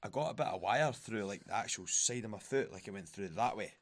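Young scottish guy telling farm stories, kinda low voice, laughs a lot. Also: brisk. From Scotland. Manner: laughs often, storytelling with quoted voices. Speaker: guest fighter. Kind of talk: casual podcast chat.

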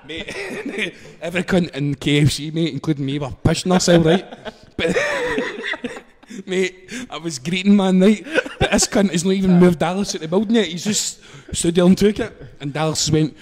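A man's voice: on the high side, animated, normal speed, darkish tone. A young Scottish man telling a story in casual chat, sweary and laughing as he goes. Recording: long reverb.

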